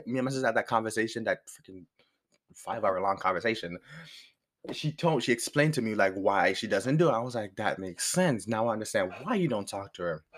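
A young male storytelling vlogger with a medium-pitched voice casually recounts something from his own life. He's animated and wanders off on tangents, cursing freely and laughing along the way.

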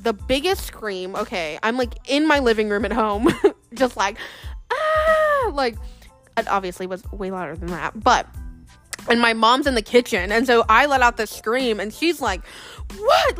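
Young woman, higher voice, casual storyteller who acts out the people she quotes, faint music under her voice. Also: fairly bright tone. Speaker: vlogger.

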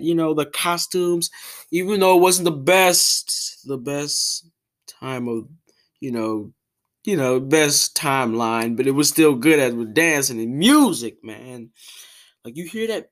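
Exasperated young woman ranting, lowish voice. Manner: exasperated, animated ranting with repeated fillers. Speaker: podcast host. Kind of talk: casual ranting monologue.

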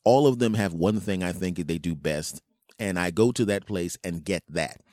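A man in his late forties hosting a podcast, telling a comic story in an animated way and dropping into low, smooth murmurs. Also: normal speed, no room sound, studio quality. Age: 40s. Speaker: podcast host. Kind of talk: casual comic monologue.

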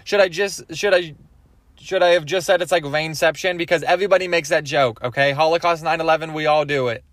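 A man's voice: a little high, brisk, fairly bright tone, no echo. Rambling young man, dry close mic. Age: 20s. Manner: rambling, self-interrupting, asks "okay?" often. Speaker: podcast host. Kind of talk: rambling comedic monologue.

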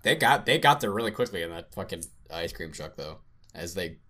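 A podcast host with a low, sharp-toned voice speaks a little fast and with plenty of energy. He reads a story aloud and chats casually, swearing and laughing easily.

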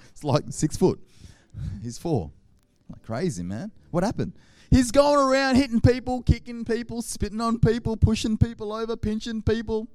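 Animated Australian man telling stories. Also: sits high, normal speed, no echo, studio quality. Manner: animated, acts out scenes with sound effects. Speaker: pastor. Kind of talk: humorous sermon storytelling.

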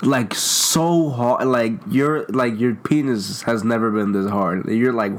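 A man's voice: medium pitch, takes it slowly. A man about to turn twenty-one, chatting and joking with a friend in slang. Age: young adult. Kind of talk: casual chat.

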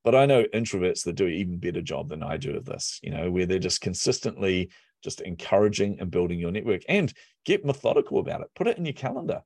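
A man who coaches business and marketing, chatting as a podcast guest from his office, telling animated stories and laughing often. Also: low voice, quick pace, no room sound, clean studio sound. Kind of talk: casual podcast conversation.

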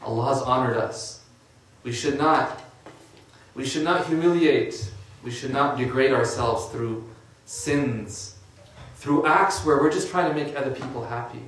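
A man speaks a little slowly in a mid-range voice, giving a conversational religious talk thick with casual fillers. The mic is distant, the room echoes, and there's slight background noise.

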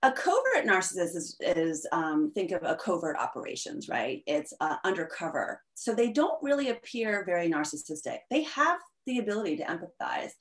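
A woman guest in a conversational interview, explaining at length in an animated way with frequent fillers. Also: on the low side.

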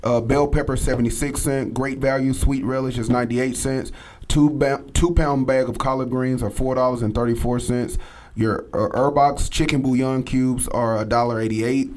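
A man as a guest cook on a talk show, casually listing ingredients and prices with plenty of ums. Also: mid-range voice. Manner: relaxed, lists items and prices with fillers. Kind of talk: casual radio chat, recipe rundown.

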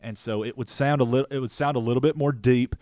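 A man's voice: mid-range voice, steady tone, fast, darkish tone, no echo, studio quality. A man from West Virginia co-hosting a podcast in casual chat, blunt and profane. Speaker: podcast co-host.

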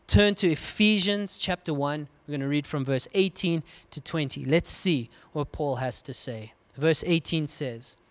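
A man from South Africa preaching a sermon, swinging between loud cries and hushed, quiet lows. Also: a little slow, hardly any pauses. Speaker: pastor.

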